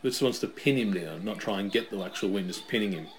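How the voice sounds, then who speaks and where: A man's voice: fairly low pitch, lively intonation, quick pace. A man with an Australian accent, co-hosting a wrestling watch-along, chatting and calling the moves casually. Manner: chatty, calls the action, laughs along. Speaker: co-host.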